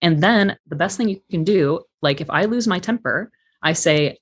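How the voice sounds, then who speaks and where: A man's voice: on the high side, fairly quick, a bit bright. A man guest on a podcast, speaking candidly and reflectively in casual conversation, with some swearing. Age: adult parent.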